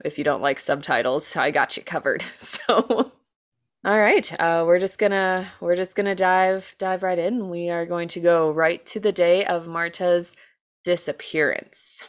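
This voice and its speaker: An American woman with a lowish voice speaks unhurriedly as she co-hosts a true-crime podcast, telling a case in casual chat. Her style is chatty, with lots of fillers, self-deprecating jokes and occasional swearing.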